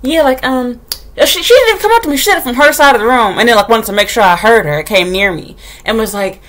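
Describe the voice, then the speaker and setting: Fast-talking, blunt, sassy woman. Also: fairly high pitch, fairly bright tone. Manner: blunt, profane, sassy storytelling; acts out quoted dialogue. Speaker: kindergarten teacher and vlogger. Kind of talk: casual venting chat to camera.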